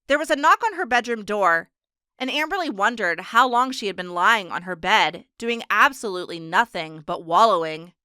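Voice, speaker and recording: Reading an audiobook aloud, a woman narrator keeps a steady, measured pace in this scripted narration. Her medium-pitched voice is bright and crisp, recorded close and completely dry.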